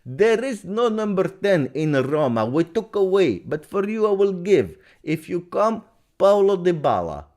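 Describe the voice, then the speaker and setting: A man's voice: very animated, unhurried, a little mellow. A man doing an impression of a boastful, pushy male football coach, in broken English with a mock Russian accent. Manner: broken English, self-praising, insistent pitch.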